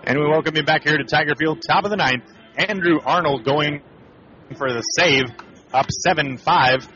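A man calling baseball play-by-play for radio, relaxed and conversational, with asides between pitches. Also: normal speed. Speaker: play-by-play announcer. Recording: slightly muffled radio broadcast.

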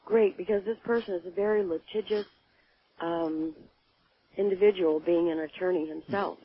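A woman caller with a very raspy, hoarse morning voice, speaking hesitantly and anxiously. She comes through a thin, dry, phone-like line. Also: on the low side, steady tone, normal speed, dry recording. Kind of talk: call-in question on radio.

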